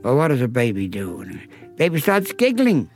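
A man's voice: mid-range voice, huge pitch swings, moderate pace, darkish tone, soft background music. A talkative man telling a story in an archived interview, theatrical and acting out the voices. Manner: theatrical, acts out voices and drops to near silence for effect; talkative, self-described gabby. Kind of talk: animated storytelling.

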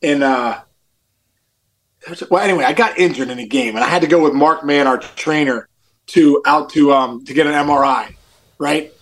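High-voiced man rambling through a story. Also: moderate pace, a bit bright. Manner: rambling, many restarts and "like"s, says "dude". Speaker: podcast co-host, former baseball player. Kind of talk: casual chat, storytelling.

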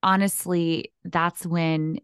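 A woman's voice: fairly low pitch, little pitch movement, slow pace, a bit bright, clean tone, no room sound, clean studio sound. A woman podcast host responding to her guest with empathy and reflection in casual conversation. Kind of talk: casual interview chat.

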